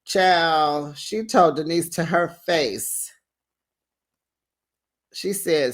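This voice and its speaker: Sassy, chatty recap host with a medium-pitched voice, dishing on reality TV in a casual tone. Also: extremely slow, long pauses. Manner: animated and sassy, quotes cast members; colloquial, says "child" and "honey".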